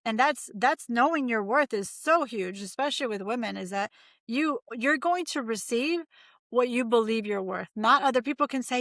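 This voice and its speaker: A woman's voice: on the high side, normal speed, fairly bright tone, no room sound. A woman in her forties, a mindset coach talking as a guest in an upbeat, emphatic, motivational way. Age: 40s. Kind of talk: casual interview chat.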